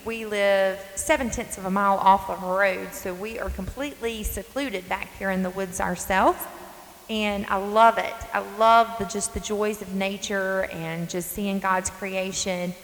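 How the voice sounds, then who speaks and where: A woman's voice: mid-range voice, a bit bright. A woman in her forties from North Carolina with a Southern accent, hosting a faith podcast in an earnest, folksy, emphatic way from her front porch. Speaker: podcast host. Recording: long reverb, faint hiss.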